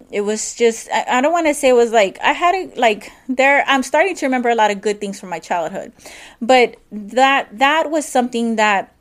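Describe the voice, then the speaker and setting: A woman hosting her own podcast, talking candidly in a personal monologue, rambling and restarting her sentences as she goes. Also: a little high. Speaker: podcast host.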